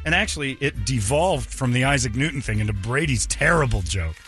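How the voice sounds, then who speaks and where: A man hosting a morning radio show, teasing a caller and joking loudly. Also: mid-range voice, lively intonation, a little fast, music in the background. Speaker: radio host. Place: radio studio.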